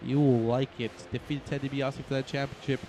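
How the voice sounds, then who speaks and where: A man giving casual, excitable play-by-play commentary on a wrestling video game, rambling and often correcting himself. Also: medium pitch, a little fast, a little hiss or hum.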